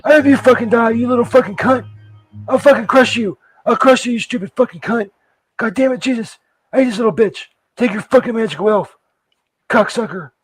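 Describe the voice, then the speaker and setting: A man playing a dim, foul-mouthed Saint Peter in a comedy sketch, who is baffled and then cusses in a high, yelling voice. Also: fairly quick, slightly rough, no echo. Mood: furious. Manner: bewildered, then explodes into profane rage.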